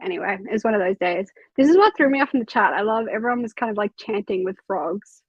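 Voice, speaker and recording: A woman's voice: a little high, fast, hardly any pauses, husky, no echo, highs cut off. A young woman hosting a casual reading livestream from home, chatting loosely, swearing freely and reading out chat comments. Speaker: livestream host of a reading sprint.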